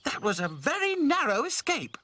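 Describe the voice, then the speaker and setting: A man's voice: very high voice, huge pitch swings, bright, forceful tone, voice pushed up, full character voice. A man voicing Dotty, a bossy, easily cross girl rag doll in a children's cartoon. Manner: brisk, indignant.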